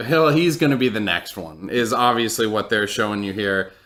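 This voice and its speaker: A man's voice: on the low side, normal speed, a bit bright. A man co-hosting a casual podcast, recapping a TV episode in a rambling way with lots of fillers and laughs. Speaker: podcast co-host.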